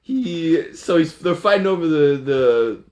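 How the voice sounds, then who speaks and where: A man's voice: on the high side, animated, unhurried, a little mellow. A man casually recapping a movie plot, rambling and playful, often laughing and correcting himself.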